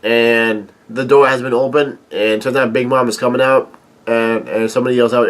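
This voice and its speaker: Excited man reading out a manga chapter. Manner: excited, halting, many fillers and restarts. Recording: low-quality home recording.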